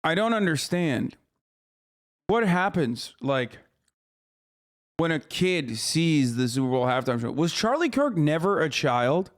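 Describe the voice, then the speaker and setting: A man live-streaming, reacting to a clip in a fast, incredulous, ranting way. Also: on the high side, big pitch swings. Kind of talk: casual reaction commentary.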